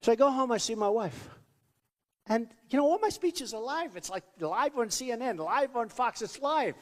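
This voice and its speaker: Male candidate, rally speech, boastful and repetitive; high, very lively pitch; long reverb of a school hall. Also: moderate pace. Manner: acts out quoted voices. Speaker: presidential candidate.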